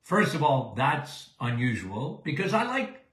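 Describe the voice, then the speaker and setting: Emphatic older man, bright and roomy. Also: medium pitch, sing-song, measured pace. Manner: folksy, emphatic, keeps asking "okay?". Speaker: doctor answering listener questions. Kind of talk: live Q&A show.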